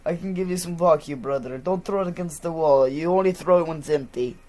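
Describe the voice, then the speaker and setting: A man voicing a hearty Russian man pushing vodka, in a mock Russian accent, boisterous, loud and insistent. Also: on the high side, fairly quick, natural voice.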